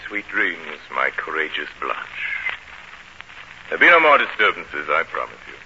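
An actor playing a brooding, commanding master of the house in a vintage radio drama, with a forceful, intense manner. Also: male voice, rumbling low, big pitch swings, moderate pace, exaggerated voice. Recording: dull old radio recording, faint hiss.

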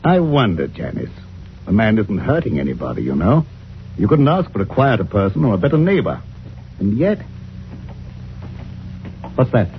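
An actor playing a gentle, fretful village vicar in a 1940s radio play, on a dull old recording. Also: male voice, on the low side, sing-song, normal speed, pauses often, slight background noise. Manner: earnest and fretful.

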